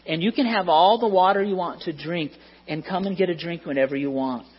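A teacher reading a kind landowner man, gentle, welcoming, husky, lo-fi recording. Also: medium pitch, brisk, long reverb tail, natural voice. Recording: dull lo-fi sound.

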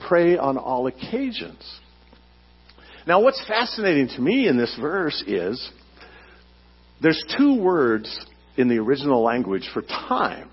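Guy preaching a sermon, kinda high voice, asks the congregation stuff, slightly muffled recording. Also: husky. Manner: emphatic, teacherly, asks questions of the congregation. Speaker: pastor.

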